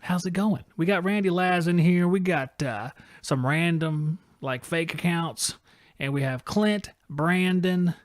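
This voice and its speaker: A man's voice: a little high, a little slow, dry recording, clean studio sound. A man hosting a live podcast, chatting casually in a rambling, joking, self-deprecating way. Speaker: podcast host. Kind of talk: casual livestream chat.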